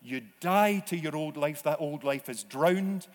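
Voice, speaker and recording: A man preaching a sermon in a church, slow and deliberate, sometimes acting out voices. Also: fairly high pitch. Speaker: pastor. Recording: long reverb of a church hall.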